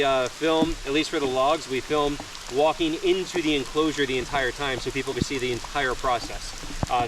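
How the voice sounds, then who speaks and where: A man hosting a casual vlog at an animal sanctuary, talking loosely with plenty of "like" and "you know". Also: fairly high pitch. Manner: chatty, many "like" and "you know" fillers. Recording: outdoor noise in the background.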